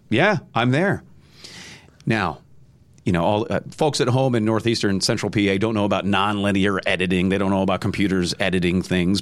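A man's voice: fairly low pitch, clean tone, no room sound. A man, a former news anchor, chatting as a guest in an interview and telling long stories, often repeating words as he starts a sentence. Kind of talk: casual interview chat.

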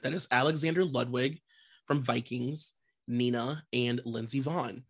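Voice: medium pitch, fairly even intonation, unhurried, husky. A podcast co-host chatting casually, reading gossip items and laughing often. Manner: laughs often, loose and joking, swears casually.

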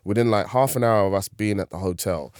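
Man, low-pitched, laughs a lot, casual storytelling, dry close sound. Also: brisk, no room sound. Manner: laughs often, animated storytelling. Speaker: comedian guest. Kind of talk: casual podcast chat.

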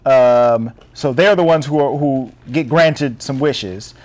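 A man's voice: mid-range voice, slow pace, a little mellow. A man hosting a podcast, recapping a film plot in casual chat and laughing often. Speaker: podcast host.

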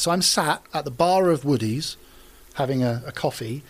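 A man's voice: fairly high pitch, expressive, normal speed, husky. A man in his thirties, a TV presenter chatting as an interview guest and telling anecdotes with plenty of fillers. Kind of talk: casual interview storytelling.

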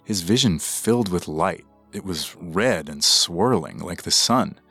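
A man with a very low voice tells a true story in scripted podcast narration. His delivery is measured and dramatic. Soft music plays faintly underneath. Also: animated, husky.

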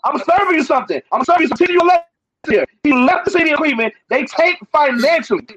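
Man, very high voice, heated sports debate, repetitive, emphatic, dull lo-fi audio. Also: expressive, very fast, a crowd in the background. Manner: emphatic, repeats himself, talks over others.

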